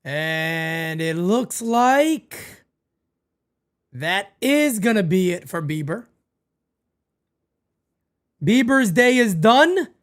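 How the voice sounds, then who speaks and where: A man calling baseball live for a fan watch party, with a lively voice that swings widely in pitch. He chats loosely with viewers, hams things up and circles back to the same phrases. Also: very slow, pauses often. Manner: animated, playfully melodramatic, repeats himself. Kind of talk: live fan play-by-play and chat.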